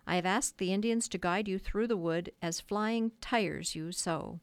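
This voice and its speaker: A woman voicing a proud boy leader who gives sharp, short commands. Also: mid-range voice, unhurried, clear, resonant tone, no echo, close to an everyday voice. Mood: commanding.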